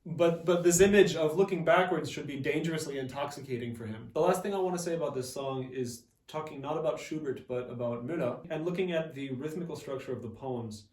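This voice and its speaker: A man's voice: a little high, a little mellow, echoey room, recorded from a distance, low-quality recording. A man who plays piano, explaining a song in a casual, enthusiastic way. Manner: enthusiastic, casual asides, reads German lines aloud. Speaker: Lied pianist. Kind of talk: explaining music analysis.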